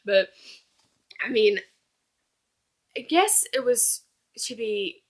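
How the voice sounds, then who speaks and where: A woman's voice: a little high, expressive, extremely slow. A young woman chatting casually in a book review vlog, gushing and acting out characters' lines.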